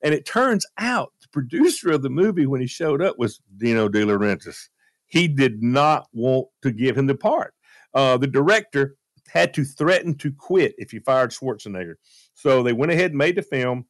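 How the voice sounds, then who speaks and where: A male radio host telling a story in a casual, animated way, with plenty of fillers. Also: mid-range voice, normal speed, dry recording, clean studio sound. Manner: lively, animated retelling with fillers.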